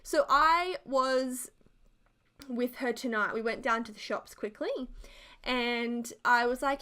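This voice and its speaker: Speaking slowly, a young Australian woman in her twenties has a slightly high voice with a sharp, clean tone. She's a YouTuber chatting casually in voiceover, spinning giggly, meandering stories.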